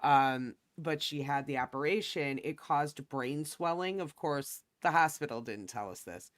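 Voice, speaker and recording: A stream host speaking thoughtfully in a casual chat, pausing and restarting often. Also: mid-range voice, fairly bright tone, no echo. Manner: thoughtful, halting, with many restarts.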